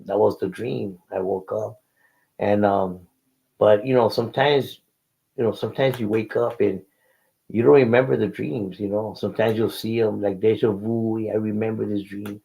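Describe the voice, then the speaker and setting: Middle-aged guy, low gravelly voice, kinda husky, tells his story loose with street slang and spanish words, stumbles and repeats. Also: steady tone, normal speed, mellow, rough recording. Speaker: guest telling his life story. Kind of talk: casual storytelling interview.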